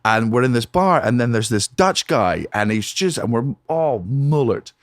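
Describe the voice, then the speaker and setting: Excitable, swearing male storyteller. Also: mid-range voice, no echo, studio quality. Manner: rapid, profane, excitable storytelling with frequent swearing. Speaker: podcast guest, comedian. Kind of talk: animated anecdote telling. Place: home studio man cave.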